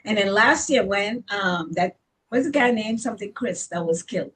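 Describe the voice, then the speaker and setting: A woman's voice: mid-range voice, lively intonation, moderate pace, fairly bright tone, rough recording. A woman from the Caribbean, a salon owner, telling personal stories bluntly and emphatically as an interview guest, often repeating words as she builds a point. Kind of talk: candid personal storytelling.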